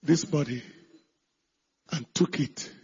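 A male pastor preaching a sermon with emphasis, shifting between shouted lines and hushed asides. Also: fairly high pitch, slow, breathy edge, lo-fi sound.

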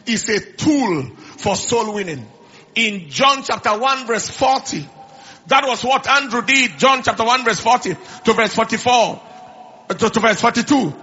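A middle-aged male pastor preaches in a high, bright, tense voice. His tone is raspy with some fry, and he repeats phrases and restarts words. The recording is slightly dull and lo-fi. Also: lively intonation, normal speed. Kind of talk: sermon.

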